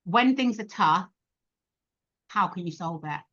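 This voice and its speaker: A woman's voice: on the low side, a little slow. A middle-aged woman, a podcast guest, telling stories in casual chat and acting out the voices of the people in them. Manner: animated, laughing, acts out quoted voices. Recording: dull lo-fi podcast audio.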